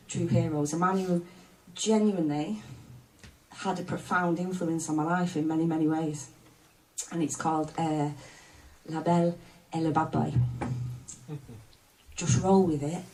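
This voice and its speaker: Mancunian woman doing spoken word at a live gig, dark low voice, sounds a bit far off. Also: slight background noise. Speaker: poet. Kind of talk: spoken word poetry performance. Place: live music studio venue. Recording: distant live room sound.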